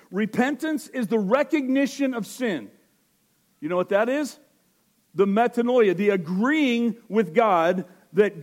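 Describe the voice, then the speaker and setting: High-voiced man preaching a sermon. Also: a little slow, darkish tone. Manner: conversational preaching, acts out quotes. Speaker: pastor.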